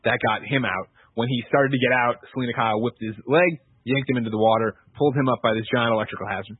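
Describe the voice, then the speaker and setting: A man's voice: medium pitch, steady tone, slightly rough, no room sound. A man races through a film plot scene by scene, loose and profane. His voice is dry and close, with a tinny, phone-like sound. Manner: rapid, profane scene-by-scene recap with quick quoted bits. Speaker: podcast co-host recapping a film. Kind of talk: casual chat.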